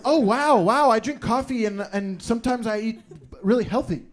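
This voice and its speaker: A man hosting a live improv comedy show who rambles loudly, swears and laughs. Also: very high voice, normal speed. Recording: live room with audience noise.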